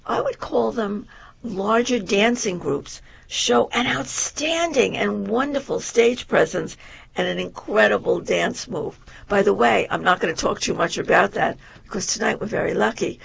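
A show host rambles happily through a theater review, stacking praise on praise. The voice is deeply gravelly and husky, and it wavers up and down. The recording sounds dull and lo-fi. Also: a bit bright. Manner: meandering, enthusiastic, stacks adjectives.

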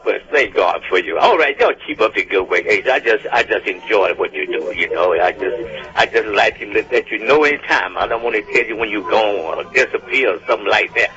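A man hosting a gospel radio show who talks in a lively, pleading way and keeps saying "y'all". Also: lowish voice, a little fast, a crowd in the background. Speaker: radio host. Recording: dull lo-fi radio sound with faint music.

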